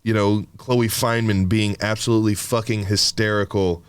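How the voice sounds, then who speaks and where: A man's voice: on the low side, level tone, normal speed, clear, resonant tone, dry recording. A man co-hosting a podcast, talking in a rambling, casual way full of fillers and swearing. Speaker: podcast co-host.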